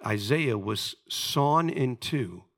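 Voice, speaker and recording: A male preacher telling a Bible story in a sermon, dramatic, swinging between loud emphasis and hushed asides. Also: medium pitch, lively intonation, slow.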